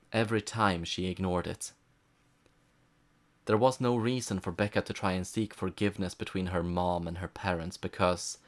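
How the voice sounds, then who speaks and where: A man's voice: lowish voice, fairly bright tone. A man reviewing a movie, narrating a scripted plot recap with dry, sarcastic asides. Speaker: film reviewer.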